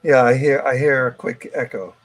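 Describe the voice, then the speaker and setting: Man, mid-pitched, halting delivery with restarts, video call host running a tech check. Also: steady tone, poor audio. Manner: hesitant, many restarts and fillers.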